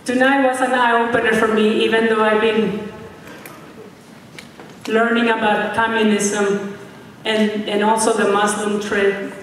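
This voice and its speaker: A woman's voice: a little high, level tone, measured pace. Woman from Mexico, guest speaker, earnest speech, long hall reverb, faint room noise. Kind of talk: speech at a public event. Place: event hall. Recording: echoey hall, from far off.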